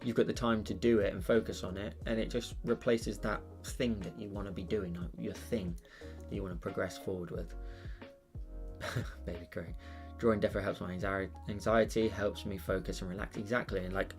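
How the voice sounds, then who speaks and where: A British man with a low, fry-edged voice talks through a casual drawing live stream. He wanders from thought to thought with plenty of "like"s and false starts, often laughing at himself. Soft music plays faintly underneath. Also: steady tone, fairly quick. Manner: rambling, with many fillers and restarts. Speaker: art channel host.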